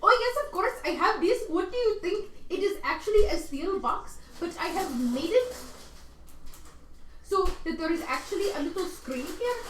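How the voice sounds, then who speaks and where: A woman's voice: very high-pitched, lively intonation, moderate pace, voice pushed up. A woman voicing a fussy, exasperated male blacksmith's assistant in a shaky put-on accent for a tabletop game, recorded in a roomy space from a distance. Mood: eager. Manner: exasperated, with a put-on accent she says she cannot do. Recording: roomy room mic, far off, faint noise.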